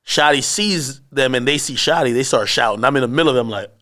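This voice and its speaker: A man telling a story in a casual interview, cursing freely and acting out shouted lines from the people in it. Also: mid-range voice, fast. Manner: animated storyteller, acts out shouted quotes; profane, slangy. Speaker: interview guest.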